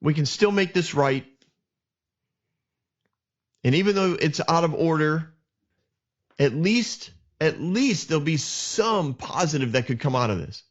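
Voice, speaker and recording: A man voicing a young princess who pleads quietly and calmly reasons. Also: a little high, measured pace, pauses often, muffled recording. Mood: pleading.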